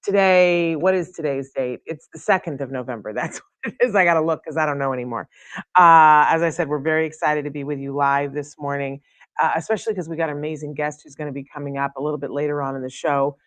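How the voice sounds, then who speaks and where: A middle-aged woman hosting a live studio show, chatty and effusive, with fillers and quick laughs. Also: low voice, fairly even intonation, dry recording. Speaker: host. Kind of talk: live show opening monologue.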